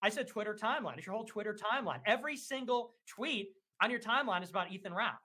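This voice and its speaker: A man with a high, bright voice that swings widely in pitch. He taunts and mocks in a heated livestream argument, swearing freely. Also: expressive, fast talker, slightly rough. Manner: mocking, taunting, profane. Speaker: livestream debater.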